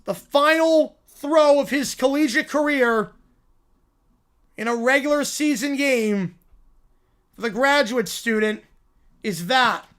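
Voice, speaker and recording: A man hosting a live stream, reacting excitedly to college football games and answering his chat. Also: very high voice, slow pace, long pauses, clear, resonant tone.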